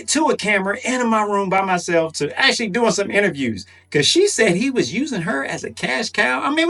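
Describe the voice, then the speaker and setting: Animated high-pitched man reacting to clips. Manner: chuckling, animated, addresses viewers directly. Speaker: commentary host. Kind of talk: reaction commentary. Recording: distant mic, faint music.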